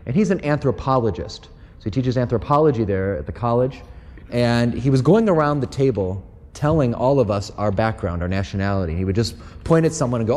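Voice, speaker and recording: A middle-aged American man speaks to a live audience at a Catholic gathering, with a mid-range voice. He is a lively storyteller who slips into the voices of the people in his stories. His words trail off into the long reverb of a large hall. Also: mid-range voice, fast. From United States.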